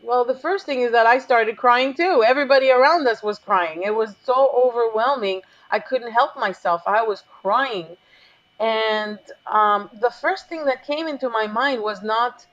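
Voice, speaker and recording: A woman's voice: fairly high pitch, moderate pace, fairly bright tone, muffled recording. A woman business coach, a guest in an interview, telling a personal story with feeling and acting out the dialogue she quotes.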